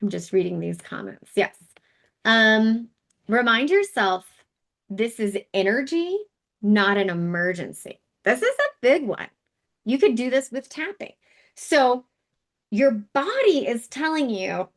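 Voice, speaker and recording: A woman's voice: on the high side, very animated, takes it slowly, fairly bright tone. A woman hosting a casual live wellness session, talking in a chatty, candid way with asides and fillers.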